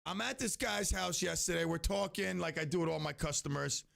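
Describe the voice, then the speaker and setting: A male radio host chats with callers and spins a jokey story about a customer. His voice sits high and carries a heavy, crackly fry. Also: a little fast, a bit bright. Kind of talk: casual radio show chat.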